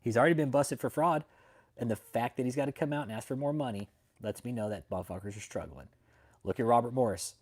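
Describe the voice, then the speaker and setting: Male livestreamer, mid-pitched, swears constantly, mocks his targets, laughs between lines, greets chat by name. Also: fast talker, slightly rough. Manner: profane, mocking, laughs often. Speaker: livestream host. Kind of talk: casual livestream commentary.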